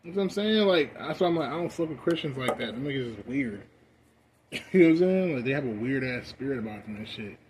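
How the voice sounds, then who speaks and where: A young man ranting casually while high, profane and rambling, with loud bursts that drop to mumbling. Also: lively intonation, fast, slight background noise. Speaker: vlogger. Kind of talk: casual rant.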